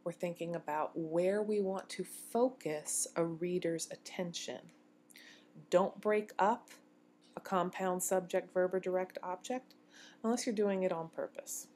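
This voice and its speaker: A woman giving a recorded university lecture on grammar, explaining clearly and slowing down to read quoted lines. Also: on the low side, fairly even intonation, dark tone, a little hiss or hum.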